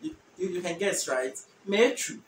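A man from Ghana giving a beginners' language lesson, saying each phrase slowly and repeating it for the learner. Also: high voice, very animated, a little hiss or hum. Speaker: language teacher. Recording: echoey room, mic at a distance.

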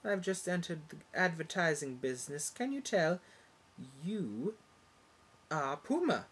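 A pompous soap opera diva, played by a woman in a comic parody, speaking in a low, husky voice with a bright edge. Her pitch swings widely as she overplays every line with mock drama. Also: very animated, measured pace, full character voice. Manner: overblown, mock-dramatic delivery.

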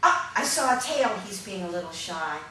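A woman teaching puppet ministry, leading a lively children's-church style puppet demonstration and calling out to the audience. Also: medium pitch, normal speed. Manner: animated, calls out to the audience and coaxes them. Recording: echoey room audio from far off with noise.

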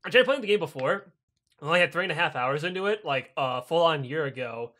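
A man's voice: a little high, lively intonation, fast, pushed and bright. A young man on a casual podcast, rambling and swearing as he acts out video game dialogue in silly voices. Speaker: podcast co-host. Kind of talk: casual chat.

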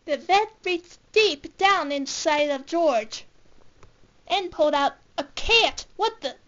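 Female storybook reader, very high voice, slow halting read, lo-fi sound. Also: animated, a bit bright. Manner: slow, halting reading with restarts. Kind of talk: reading a picture book aloud.

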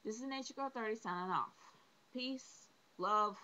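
A woman's voice: a little high, moderate pace, pushed and bright, lo-fi sound. A woman reviewing a wrestling show, exasperated and opinionated, piling up rhetorical questions and repeating her points.

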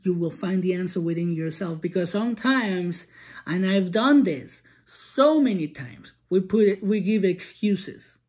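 Mellow-voiced woman giving casual encouragement. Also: lowish voice, lively intonation, unhurried, slightly rough. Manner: earnest, encouraging, loose with many restarts and "like". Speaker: podcast host. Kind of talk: casual motivational monologue.

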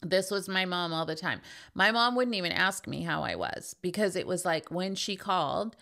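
A middle-aged woman hosts a podcast in a relaxed solo monologue, her voice sitting a little low. She talks candidly and leans hard on her points, often slipping into quick impressions of other people. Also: creaky. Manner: emphatic, candid, acts out quoted voices. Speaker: podcast host. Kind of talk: casual monologue.

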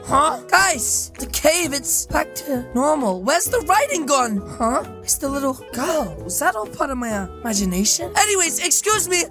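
Woman gamer, very high and bright voice, loud and excitable over faint music. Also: moderate pace, few pauses. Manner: loud, excitable, frequent laughing and shouting. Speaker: gaming YouTuber. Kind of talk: comedic role-play commentary over gameplay.

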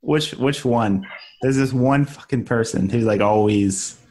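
A man's voice: medium pitch, unhurried, darkish tone, slight background noise. A young man co-hosting a podcast in casual chat, joking around, swearing and laughing often. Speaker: podcast co-host.

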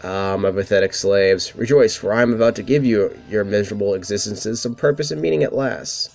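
A man's voice: fairly low pitch, a little fast, vocal fry, darkish tone. A man voicing a cruel, theatrical male ghost villain as he reads game dialogue aloud, mocking and taunting his foes. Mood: commanding.

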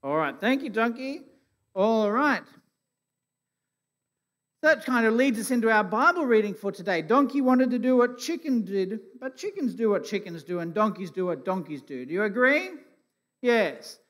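A man giving the children's talk at a church service, asking simple, gentle questions. His voice rings out with the long reverb of a church hall. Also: high-pitched, animated, moderate pace. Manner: gentle questioning, plays along with puppet. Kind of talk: kids' talk from the stage.

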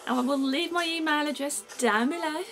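A woman from England with a Brummie accent chats to camera in a vlog, her voice high-pitched and a little fast. She rambles, giggles and loses her thread. The recording is low quality, with clear music playing behind her.

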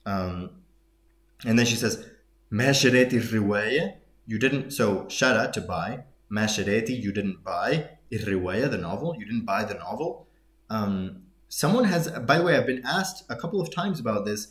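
A man's voice: lowish voice, expressive, brisk, a bit bright. A man teaching a language lesson, walking through a dialogue with thoughtful explanations and many fillers. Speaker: Arabic teacher. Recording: echoey room.

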